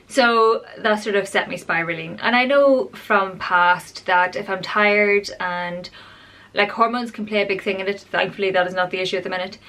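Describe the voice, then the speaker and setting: A woman's voice: on the low side, pushed and bright. A woman talking openly in a personal vlog, rambling and confessional in a chatty way. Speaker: vlogger.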